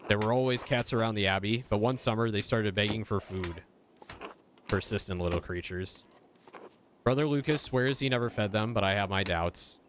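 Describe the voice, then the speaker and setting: A gentle old former monk with a low, warm voice , as a male streamer reads him in a story game. He talks slowly and kindly and recalls the past with a soft chuckle in his tone. There is a faint hiss behind him. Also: close to an everyday voice. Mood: amused.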